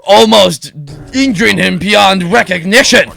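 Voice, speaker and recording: A young man hosting a let's play, telling a rambling, giggly story in a playful, animated way. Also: sits high, unhurried, vocal fry.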